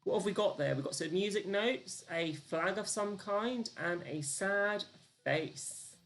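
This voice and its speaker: A live-streamed quiz host, chatty and self-deprecating, counts down the clock and reads out answers and the leaderboard. The voice is mid-range and fairly bright, with a measured pace.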